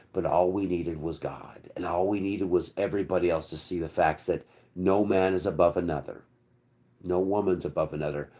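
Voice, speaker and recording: A deep-voiced man preaches in a loose, rambling way, swearing casually as he goes. He swings from sudden loud bursts down to low, almost muttered stretches. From United States. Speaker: channel host. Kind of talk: impassioned monologue.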